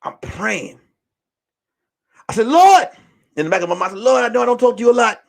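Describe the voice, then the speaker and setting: High, lively man telling a wild story. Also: a little fast, gravelly. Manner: animated, profane, swings from hushed whispers to shouting. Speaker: show host. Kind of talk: casual storytelling on a livestream.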